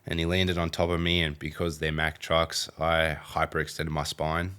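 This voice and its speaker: A man's voice: rumbling low, flat delivery, normal speed, bright, forceful tone, clear, resonant tone. A young Australian man with an Australian accent, candidly recounting his story in a documentary interview. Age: young adult. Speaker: documentary subject.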